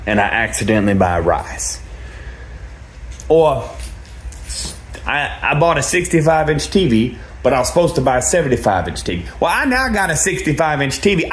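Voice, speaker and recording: A man's voice: fairly high pitch, a bit bright. A man doing a rambling comic rant full of incredulous rhetorical questions. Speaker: comedian.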